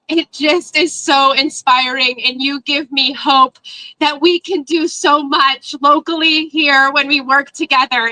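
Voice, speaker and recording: A woman's voice: sits high, bright, forceful tone, no room sound, poor audio. A woman county executive giving an emotional, fervent rally speech. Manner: emotional, fervent public speaking.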